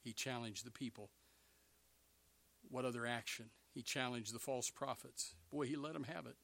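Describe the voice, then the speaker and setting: A man preaching a sermon, animated, swinging between loud bursts and hushed asides. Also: medium pitch, normal speed, creaky.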